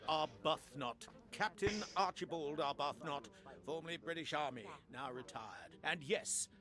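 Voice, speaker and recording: A man's voice: a little high, expressive, unhurried. An actor voicing a brusque, demanding retired male army captain in a mystery game.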